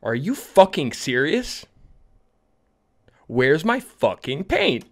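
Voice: mid-range voice, big pitch swings, takes it slowly. A gamer commenting on a horror game, swearing constantly and breaking into screaming outbursts. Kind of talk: horror let's play commentary.

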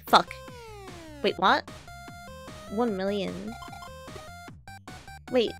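Excitable young woman streamer with vocal fry. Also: fairly high pitch, slow pace, pauses often, soft background music. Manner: excitable, swearing, reacting aloud. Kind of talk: live gameplay commentary.

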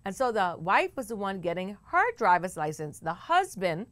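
A woman with a Bahamian accent hosting a talk show, telling a story in a chatty, animated way with bursts of laughter. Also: mid-range voice, normal speed, no echo. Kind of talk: casual storytelling to camera.

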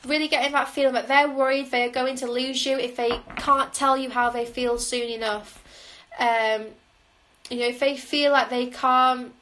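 A woman with a somewhat high voice talks through a tarot spread on a livestream. She sounds musing and intuitive, pausing on "um" as she reads each card. The sound comes through a phone mic. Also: flat delivery, fairly bright tone, poor audio. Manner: musing, intuitive, frequent "um" fillers. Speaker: tarot reader. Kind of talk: live tarot reading.

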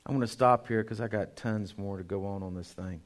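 A man, a pastor, preaching a sermon to his congregation. He speaks emphatically, dropping to a hush and then rising loud, and addresses the listeners directly. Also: lowish voice, brisk. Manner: emphatic preaching, swinging between hushed and loud.

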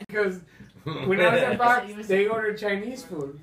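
A man's voice: high voice, fairly quick, crowd noise. A man telling crude, laughing stories at a family gathering. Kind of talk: animated anecdote telling. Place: home during a family gathering. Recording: distant, roomy, noisy camera audio.

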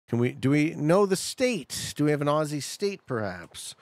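Lively, gravelly-voiced male streamer. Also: a little high, moderate pace, few pauses, no room sound. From Canada. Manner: chatty, talks to chat, excitable outbursts. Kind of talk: casual live-stream commentary.

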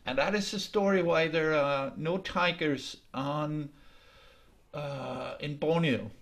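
A man telling a folk tale in a lively, halting way, over a video call. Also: a little high, creaky. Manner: lively, halting with restarts, laughs along. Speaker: storyteller. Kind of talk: oral folk storytelling.

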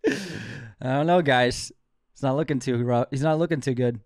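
A man's voice: mid-range voice, moderate pace, no echo, clean studio sound. A man co-hosting a podcast in casual chat, talking with enthusiasm and teasing his partner. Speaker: podcast co-host.

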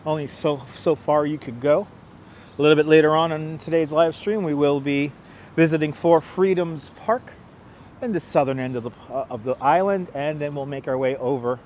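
A man's voice: a little high, darkish tone, a little hiss or hum. Chatty New York man greeting stream viewers. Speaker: live-stream host walking a city tour. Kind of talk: casual live-stream chat. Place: outdoors on city streets by a river. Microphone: wireless clip-on mic.

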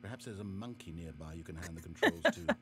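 A man's voice: low-pitched, lively intonation, fast talker. A man voicing a dry, sardonic narrator in a game, with wry, theatrical, exasperated asides. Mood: mocking. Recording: game audio with music behind.

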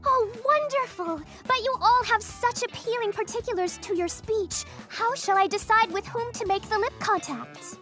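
Sweet naive alien girl done by a woman, super high and oddly formal. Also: moderate pace, few pauses, fairly bright tone, faint music behind. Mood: delighted. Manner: overly formal, oddly worded speech. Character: cheerful, naive alien teen girl hero.

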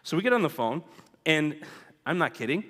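A man's voice: on the high side, very animated, normal speed, a bit bright. Man, casual joking church talk, keeps saying "right?", long hall reverb. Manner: chatty, keeps asking "right?", acts out quoted people. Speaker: guest speaker reporting on mission work. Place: church sanctuary.

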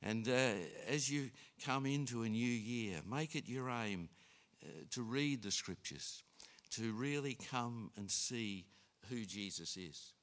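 A man preaching a sermon in an unhurried way, with frequent restarts and fillers. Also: mid-range voice, fairly bright tone. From Australia. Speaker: pastor.

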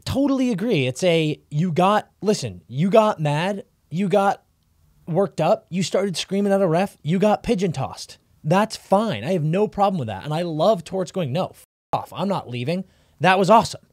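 Animated ranting man on a dry close mic. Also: high-pitched, normal speed, no room sound. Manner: animated, ranting, swings loud and quiet. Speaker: podcast co-host. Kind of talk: casual sports chat.

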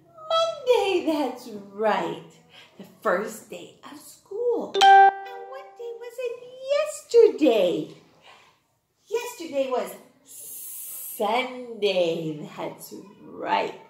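Sing-song, high-pitched kindergarten teacher woman. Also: reverberant. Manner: cheerful, sing-song, exaggerated for small children. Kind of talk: online phonics lesson for young children.

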